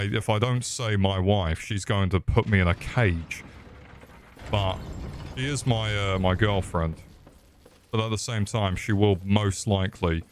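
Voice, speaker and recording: A young man with an English accent riffs through a live game stream, cursing freely and trading crude jokes with his chat. His voice sits on the low side, with faint noise behind it. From England. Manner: crude, joking, swears often, talks to chat. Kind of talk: live gameplay commentary.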